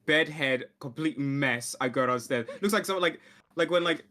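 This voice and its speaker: A man's voice: a little high, normal speed, sharp tone. A man playing a tabletop game, chatting animatedly and jokingly, full of likes. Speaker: player. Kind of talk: casual game chat.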